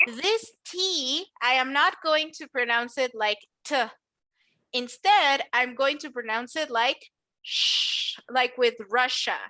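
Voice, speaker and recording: High, bright-voiced woman teaching English. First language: Spanish. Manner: patient, enunciating, encouraging. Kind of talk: classroom pronunciation drill.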